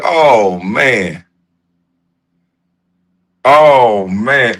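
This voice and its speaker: Lively, profane man on a livestream. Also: a little high, measured pace, gravelly. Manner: loose, profane, joking and laughing. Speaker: livestream host. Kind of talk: casual livestream chat.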